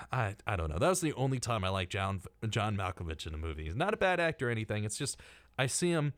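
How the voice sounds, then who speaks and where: A man's voice: fairly low pitch, big pitch swings, quick pace, dry recording. A young man co-hosting a casual college radio talk show, rambling with lots of fillers and laughing often.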